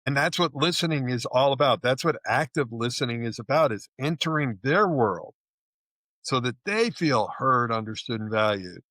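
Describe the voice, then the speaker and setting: A man's voice: medium pitch, animated, normal speed, fairly bright tone, dry recording. A man working as a relationship coach, explaining ideas earnestly in a podcast interview and acting out the little dialogues he describes.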